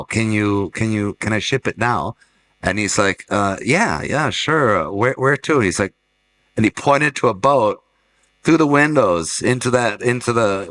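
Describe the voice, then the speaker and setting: Bright-voiced man telling fair stories. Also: medium pitch, rough recording. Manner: anecdotal, restarts and laughs while telling stories. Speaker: art fair director. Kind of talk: casual panel conversation. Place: fair talk stage.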